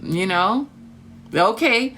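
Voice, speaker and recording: Speaking extremely slowly, a woman with a high-leaning, sharp voice and lively intonation chats on TikTok live about gratitude and trust in a spiritual vein. She gushes at her viewers, calling them honey and darling, with slight background noise.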